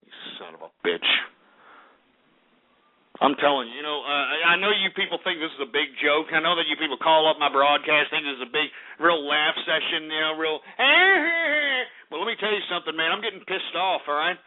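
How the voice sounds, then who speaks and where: A man hosting a call-in radio show, ranting furiously at callers and swinging into shouting and tearful outbursts. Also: a little high, expressive, fairly quick. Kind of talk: angry on-air rant. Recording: tinny lo-fi phone-like sound.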